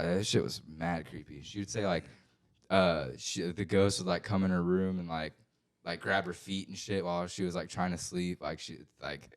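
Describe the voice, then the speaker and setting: A young man co-hosting a podcast, telling rambling, profane ghost stories full of fillers, getting loud and excited at the scary parts. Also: low-pitched. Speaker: podcast co-host. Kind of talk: casual storytelling chat.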